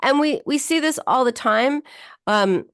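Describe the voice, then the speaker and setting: A woman's voice: sits high, a little slow, dry recording, clean studio sound. A woman podcast host and psychotherapist explaining a client's case, often restarting her sentences with "you know.". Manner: explanatory, warm-paced storytelling with frequent "you know" and restarts. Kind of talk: radio podcast talk with client story.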